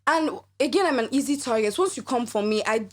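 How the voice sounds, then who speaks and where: A young woman guesting on a podcast, her voice sitting a little high. She talks in an animated, casual way, laughing often and tripping over her restarts. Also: a little fast. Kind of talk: casual chat.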